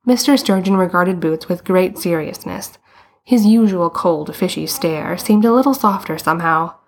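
A woman narrating a story in a calm, steady storytelling manner. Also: on the low side, moderate pace. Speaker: audiobook reader.

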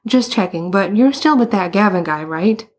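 A woman's voice: medium pitch, lively intonation, normal speed, close to an everyday voice. A woman reading the part of a friendly teenage boy who talks lightly. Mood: breezy. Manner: light, breezy.

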